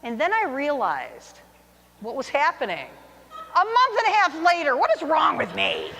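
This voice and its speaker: Animated woman storyteller in a reverberant hall. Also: sits high, moderate pace, slight background noise. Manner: animated, self-mocking storyteller. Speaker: teacher telling a personal story. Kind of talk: live personal storytelling to an audience.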